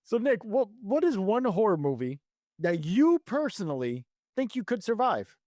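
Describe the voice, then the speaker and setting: A man in his thirties chats on his podcast with a voice that sits a little high and swings up and down as he tells a story. He talks casually and swears freely. The sound is dry and close, with no room echo. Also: very animated, normal speed, dark tone. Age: 30s. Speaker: podcast co-host. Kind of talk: casual chat.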